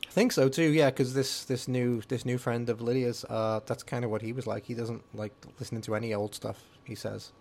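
Chatty older man, mid-pitched. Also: fairly even intonation, brisk, gravelly, few pauses, a little mellow. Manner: rambling, chatty with frequent fillers. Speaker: podcast co-host. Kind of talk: casual chat about music.

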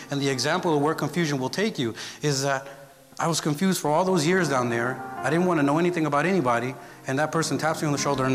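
A man giving a sermon as guest preacher, telling a personal story in a conversational way and often checking in with the congregation. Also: mid-range voice. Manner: storytelling, conversational, asks the audience "right?". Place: church hall with congregation. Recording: church hall reverb with music.

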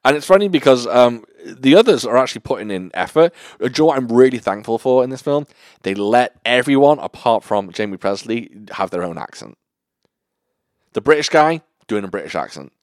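Podcast co-host: young man, lively pitch, rambling and profane, dry close mic. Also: brisk, no room sound. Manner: rambling, swearing, laughing often. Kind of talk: casual film review chat.

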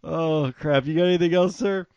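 A man's voice: a little high, moderate pace, a little mellow, no echo, highs cut off. A man co-hosting a casual podcast, laughing often and talking with animation. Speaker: podcast co-host. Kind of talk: casual chat.

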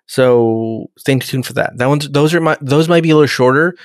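A man's voice: medium pitch, moderate pace, dry recording, clean studio sound. A man co-hosting a casual podcast, goofy and jokey, often repeating words as he talks. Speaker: podcast co-host.

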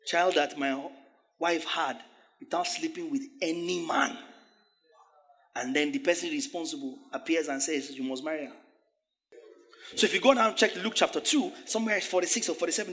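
A man preaching a sermon, animated, laughing often and acting out the voices of biblical figures. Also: high voice. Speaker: pastor.

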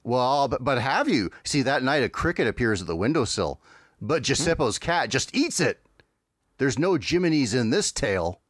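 A man's voice: medium pitch, very animated, normal speed, dry recording. A man co-hosting a casual podcast, recapping cartoons with dry jokes and frequent laughs. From Canada. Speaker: podcast co-host. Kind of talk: casual chat, summarizing cartoons.

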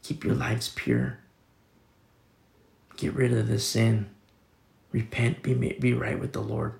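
Slowly and with lively intonation, this pastor reads scripture and explains it with everyday fillers, keeping his sermon casual and conversational. He's a man with a mid-range, slightly mellow voice and some vocal fry. There's a roomy quality to the audio.

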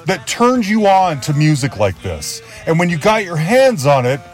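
A male podcast host with a slightly raised pitch opens the episode. He gushes like a fan, circling back over his own phrases. Music plays faintly beneath his voice. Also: big pitch swings, normal speed. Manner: enthusiastic, fan-like, repeats himself. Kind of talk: scripted podcast intro.

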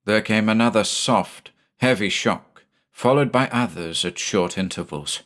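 A man with a fairly low voice narrates a sea tale in audiobook style. His reading is measured and even, keeping a steady storyteller's hold on each sentence.

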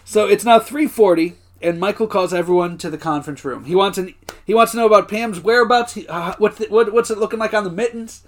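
Young male podcast co-host, slightly high voice, animated, casual, swearing, quick to laugh. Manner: animated, swears, laughs often, acts out characters' lines. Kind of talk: casual recap chat.

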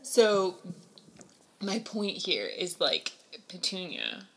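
A woman's voice: fairly low pitch, wildly swooping pitch, slow pace, fairly bright tone, a little hiss or hum. A young woman co-hosting a podcast in casual chat, reasoning aloud thoughtfully and giggling at times. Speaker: podcast co-host.

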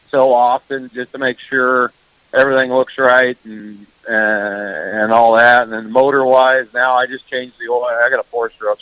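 A man's voice: medium pitch, clear, resonant tone, no room sound. A man talks in loose, rambling fashion, stacking filler words as he goes. The sound is dull and lo-fi, like an old radio feed. It's dry and close, with no room around him. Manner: rambling, heavy on "you know" fillers. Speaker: fishing guest. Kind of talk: casual radio chat.

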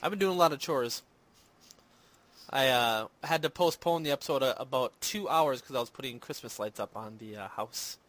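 A man's voice: medium pitch, normal speed, a bit bright, dry recording. A man hosting a casual movie and games podcast, rambling and self-deprecating with lots of fillers. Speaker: podcast host. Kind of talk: casual chat. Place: home in Minnesota.

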